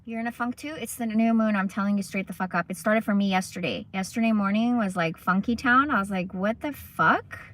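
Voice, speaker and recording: Young adult woman, bright tone, loose profane livestream chatter, rambling storyteller. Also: medium pitch, brisk, hardly any pauses. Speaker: livestream host. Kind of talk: casual chat livestream.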